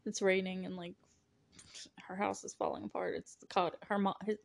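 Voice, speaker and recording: A woman's voice: mid-range voice, flat delivery, normal speed, vocal fry. Gushing young woman podcast host. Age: young adult. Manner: gushing, rambling, laughs often, many "like" fillers. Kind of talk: casual chat about a movie.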